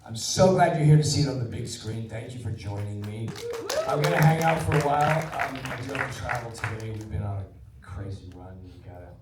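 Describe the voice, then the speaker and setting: A man in his sixties, an actor telling stories to a cinema audience before a screening, animated, dropping to a hush for quoted lines. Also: mid-range voice, far from the mic, background noise. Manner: animated anecdotal storyteller, drops to a hush for quotes. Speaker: actor introducing a film screening. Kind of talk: live storytelling to a cinema audience. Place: cinema auditorium. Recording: roomy theater sound from off-mic.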